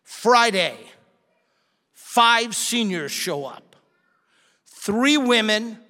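A man preaching a sermon, telling a story and acting out the people in it with animated delivery. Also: extremely high pitch. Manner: animated, acts out quoted people. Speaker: pastor. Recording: long hall reverb.

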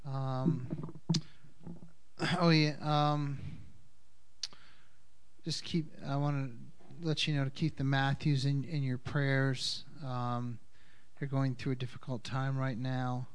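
Congregation leader, male, slow and halting delivery, clean resonant voice. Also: medium pitch, level tone, clear, resonant tone. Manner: slow, unhurried, halting with fillers. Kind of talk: communion service talk with Hebrew blessings.

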